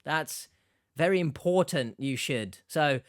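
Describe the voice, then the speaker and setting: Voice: medium pitch, lively intonation, slow, clear, resonant tone, dry recording, clean studio sound. A commentator giving blunt, exasperated reaction commentary, lecturing the viewer.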